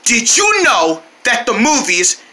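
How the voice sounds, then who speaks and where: A woman voicing an eager young male friend character who questions and shouts excitedly in a hobby character video. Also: on the high side, slow pace, roomy sound, heavily acted.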